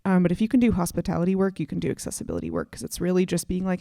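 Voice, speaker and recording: A woman's voice: on the low side, sing-song, rapid-fire, creaky, mellow, dry recording, studio quality. A woman speaking on a podcast panel discussion, candid and chatty with frequent fillers.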